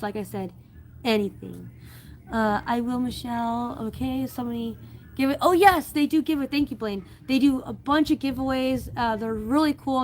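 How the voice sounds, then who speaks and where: A woman's voice: on the high side, slight background noise. A woman chatting casually on a live stream, reading viewer comments aloud and rambling with many fillers and restarts.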